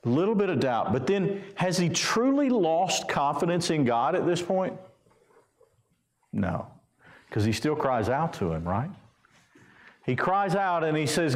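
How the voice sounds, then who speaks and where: A pastor with a Southern US accent reading scripture aloud and explaining it conversationally in a sermon. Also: male voice, fairly high pitch, lively intonation, moderate pace. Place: church sanctuary. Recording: roomy church echo.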